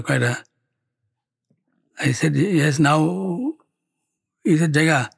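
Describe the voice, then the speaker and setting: A man with a Malaysian English accent telling a personal story to a gathering, halting and repeating words as he acts out the dialogue. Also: medium pitch, husky. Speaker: speaker at a devotional gathering.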